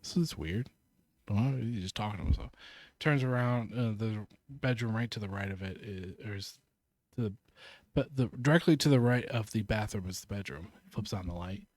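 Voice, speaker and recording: A podcast co-host with a low, slightly mellow voice animatedly retells a film scene in casual chat, swearing and acting out the lines. He speaks at a moderate pace, and the recording is dry and studio quality.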